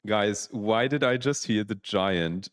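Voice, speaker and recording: A young man streaming live, chatting casually, excitable and laughing often as he reacts to chat. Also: lowish voice, slow, clean tone. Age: young adult.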